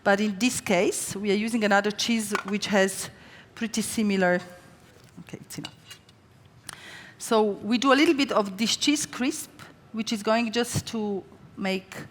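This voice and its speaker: A woman's voice: medium pitch, normal speed, hardly any pauses, slight background noise. A woman chef, a native Slovene speaker, doing a live stage cooking demo and telling stories in a chatty way, with lots of fillers and restarts. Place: large hall on a stage. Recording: live hall with long reverb.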